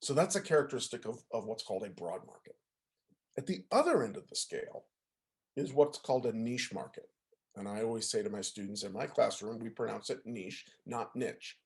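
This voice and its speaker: A music professor gives a casual lecture over a video call, talking conversationally and often checking in with "right?" and "okay?". He has a lowish, expressive voice and a brisk pace.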